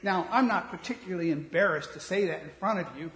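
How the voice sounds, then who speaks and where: Blunt preacher in an echoing hall. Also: male voice, sits high, fast. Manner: blunt, conversational preaching that swings from soft to loud. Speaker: pastor. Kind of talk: sermon. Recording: reverberant hall.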